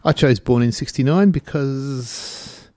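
A man's voice: medium pitch, slow pace, darkish tone, dry recording. A man in his fifties hosting community radio, chatting casually between songs and rambling through stories with self-mocking humor. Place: radio studio.

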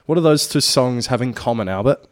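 A man's voice: mid-range voice, lively intonation, brisk. A man co-hosting a radio show, bantering casually in a dry, teasing way into a studio mic. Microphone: studio mic with headphones.

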